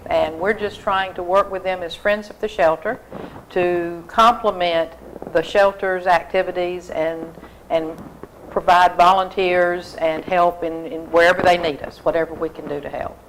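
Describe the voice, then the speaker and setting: A woman speaks as a guest on a local TV show, explaining things earnestly and steadily. She uses lots of fillers as she goes. Her voice is somewhat low, with faint hiss behind it. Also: fairly even intonation, moderate pace, rough recording. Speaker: humane society volunteer guest. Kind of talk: casual interview.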